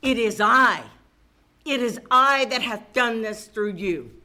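A woman preacher delivers a sermon, her bright, tense voice swooping widely in pitch. She takes her time with each phrase and keeps putting questions to the listeners. At moments she builds to fervent calls to press on. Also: expressive, slow pace. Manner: preaching with rising fervor and call-and-response questions.

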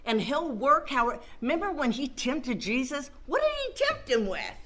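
A woman's voice: high-pitched, big pitch swings, moderate pace, bright, forceful tone. A woman preaching a sermon and reading scripture aloud, stressing her points by repeating phrases.

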